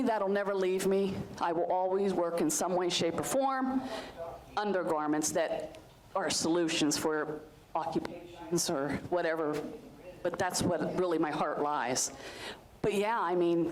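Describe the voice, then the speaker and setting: A middle-aged woman from Western Pennsylvania hosts a community-access-style show, casually telling personal stories to a group. Her voice is lowish and the recording rough. She's chatty and warm-hearted, rambling with many asides and fillers.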